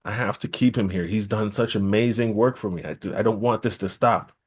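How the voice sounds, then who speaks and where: A man's voice: on the low side, fairly quick, husky. Kiafani, a man doing a scheming landowner. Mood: anxious.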